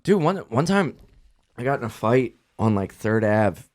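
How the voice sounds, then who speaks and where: A man's voice: medium pitch, very animated, normal speed, a little mellow. A man telling stories in casual podcast chat, acting out quotes and laughing often. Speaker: podcast guest comedian.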